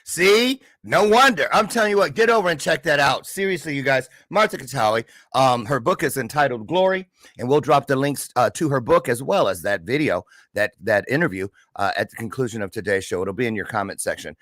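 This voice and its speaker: A man's voice: medium pitch, lively intonation, fairly quick, a bit bright, no room sound. A man hosting a talk show, reacting with exclamations and speaking directly to his viewers. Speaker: show host.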